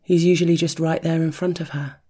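A narrator reading an intimate erotic story in a soft, hushed, rhythmic voice that often drops to a whisper. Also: mid-range voice, level tone, fairly quick, breathy edge.

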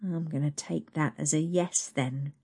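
A smug coworker who needles and teases with a knowing edge, voiced by a woman reading a story aloud. The voice is deep and sits low, delivered in a plain storybook reading. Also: steady tone, measured pace, dark tone, slightly rough, heavily acted. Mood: teasing. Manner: taunting, knowing. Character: smug teasing male coworker.

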